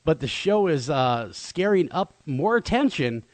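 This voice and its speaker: A man's voice: a little high, a little slow, no room sound. A man co-hosting a radio show in casual banter, telling stories playfully and often laughing. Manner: animated, laughing, playful storytelling. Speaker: radio co-host.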